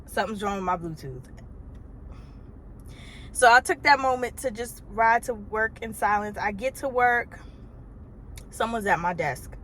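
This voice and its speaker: A woman in her thirties, originally from Trinidad, telling a casual storytime vlog from her car in an animated, chatty way with exasperated asides. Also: mid-range voice, unhurried, pauses often, a little hiss or hum. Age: 30s. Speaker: vlogger. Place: parked car.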